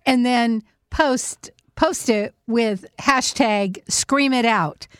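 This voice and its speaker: Lively high-voiced woman hosting a chat. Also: drawn-out words, clean tone, no room sound, studio quality. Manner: animated, laughs often, acts out quotes. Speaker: host. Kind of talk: casual chat.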